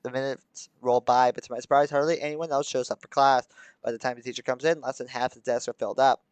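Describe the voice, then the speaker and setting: A young man reads a visual novel aloud on a live stream, stopping now and then to chuckle and make wry remarks. His voice sits at an ordinary middle pitch and sounds close and dry, with no room echo. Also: steady tone, fast talker, smooth. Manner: reads the story aloud, breaking off into chuckles and joking asides. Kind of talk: live let's-play commentary mixed with reading aloud.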